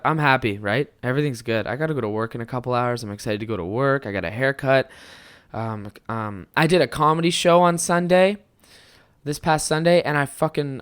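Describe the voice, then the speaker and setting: A young man in his twenties hosting a podcast, telling stories in a rambling, casual way, swearing often and bursting into loud animated moments. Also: medium pitch, clear, resonant tone. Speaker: podcast host. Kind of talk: casual solo podcast storytelling.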